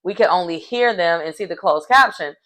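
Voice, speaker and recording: Animated woman recapping a show. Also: fairly low pitch, a little fast, poor audio. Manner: animated storyteller acting out quotes. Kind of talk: casual episode recap.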